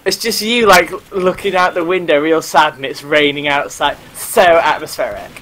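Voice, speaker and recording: A man's voice: a little high, normal speed, a bit bright, rough recording. A man chatting and joking while playing a team shooter with friends, swearing often. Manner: jokey, swears often, giggly. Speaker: gamer. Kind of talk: casual gaming chat.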